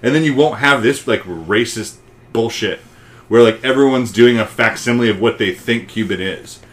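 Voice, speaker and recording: A man co-hosts a movie podcast, ranting and swearing freely in casual discussion. He speaks at a moderate pace with a medium-pitched voice.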